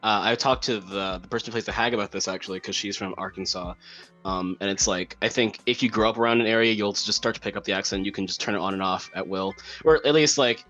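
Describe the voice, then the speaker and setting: A man from South Carolina hosting a podcast interview, asking questions in a relaxed way. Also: fairly low pitch, fast, faint music behind. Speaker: podcast host. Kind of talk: casual interview chat.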